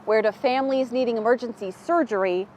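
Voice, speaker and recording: Higher-voiced woman news reporter. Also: a little fast, darkish tone, a little hiss or hum. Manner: clear, formal reporting.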